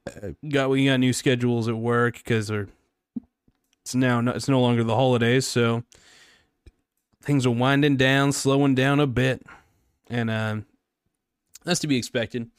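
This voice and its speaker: A man's voice: medium pitch, steady tone, unhurried, long pauses, clean tone, no room sound, studio quality. A young man hosting his own podcast, chatting casually in a rambling, jokey, self-mocking way. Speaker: podcast host. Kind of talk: casual solo podcast chat.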